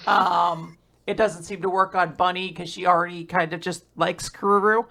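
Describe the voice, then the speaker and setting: A woman's voice: lowish voice, steady tone, gravelly, fairly bright tone. A woman co-hosting a manga podcast, recapping chapters in casual, jokey chat with frequent laughs over a remote call. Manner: jokey, laughs often, quick asides.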